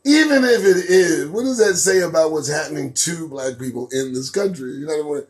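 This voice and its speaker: A man hosting a live commentary show, riffing sarcastically on news items, laughing often and swinging between loud outbursts and low mutters. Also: brisk. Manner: laughs a lot between remarks.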